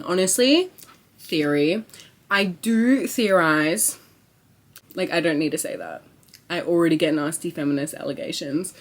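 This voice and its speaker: A young woman chatting to camera in a casual vlog, excitable and rambling, with lots of swearing and filler words. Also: on the low side. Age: young adult. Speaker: vlogger.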